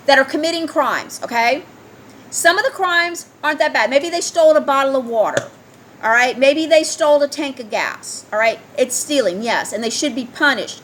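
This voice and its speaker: A woman's voice: sits high, animated, moderate pace, fairly bright tone, a little hiss or hum. A woman in a heated, ranting solo commentary, reading news aloud and firing rhetorical questions at her listeners.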